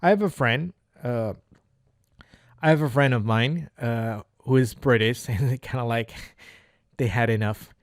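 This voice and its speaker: A hesitant man whose first language is Indonesian talks through his English speaking practice, often restarting and filling pauses as he searches for words. His voice sits at a middle pitch, and the recording is dry and close. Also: dry recording. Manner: hesitant, frequent restarts and fillers. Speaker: English learner. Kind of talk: casual speaking-practice monologue.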